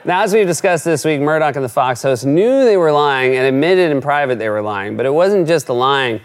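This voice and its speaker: A man's voice: fairly high pitch, animated, fairly quick. A man hosting a late-night comedy show, giving a scripted monologue in a wry, sarcastic way.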